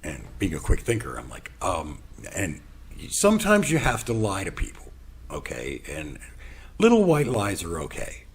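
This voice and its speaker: A man hosting his own show, telling a personal story in an animated way and acting out the dialogue. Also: low-pitched, moderate pace, slightly rough. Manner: animated, acts out quoted dialogue. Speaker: podcast host.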